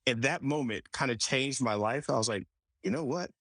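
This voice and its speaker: A man hosting a podcast, telling a personal story in a relaxed conversational way, often restarting and quoting himself. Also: mid-range voice, normal speed, no echo. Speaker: podcast host. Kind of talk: casual conversation.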